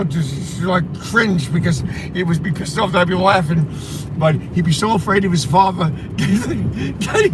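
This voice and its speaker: A man host telling a rambling story in casual chat, repeating himself and laughing, from inside a car with road noise. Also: sits high.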